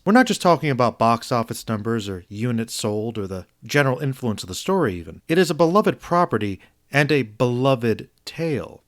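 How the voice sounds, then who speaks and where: Guy reading his film review script, earnest and thoughtful, lively pitch, dry close mic. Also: dry recording. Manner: earnest, measured, reflective. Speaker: video essayist.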